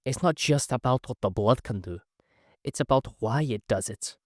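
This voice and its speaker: A man's voice: medium pitch, animated, moderate pace, dry recording, clean studio sound, natural voice. A man doing an urgent male scientist.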